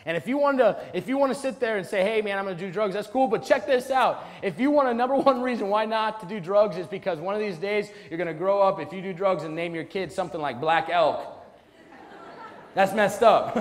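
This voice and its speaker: A man in his twenties giving a motivational speech at a school assembly, dramatic, swinging between loud and hushed. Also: sits high, a little fast, a little hiss or hum. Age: 20s. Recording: long hall reverb.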